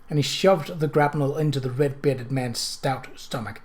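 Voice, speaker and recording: Steady male audiobook reader. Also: medium pitch, moderate pace, hardly any pauses. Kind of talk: reading a novel aloud.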